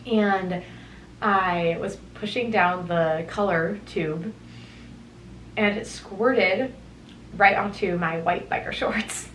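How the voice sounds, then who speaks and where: A woman's voice: medium pitch, slow, fairly bright tone, echoey room, slight background noise, low-quality recording. A young woman hosting a solo podcast, talking through her thoughts in a reflective, meandering way, wandering into tangents. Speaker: podcast host. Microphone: headphones on, studio-style mic.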